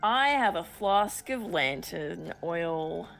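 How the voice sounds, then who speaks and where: Gravelly-voiced woman player, casual and hesitant. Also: fairly low pitch, lively intonation, slow pace, a bit bright, faint music behind. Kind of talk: playing a tabletop game.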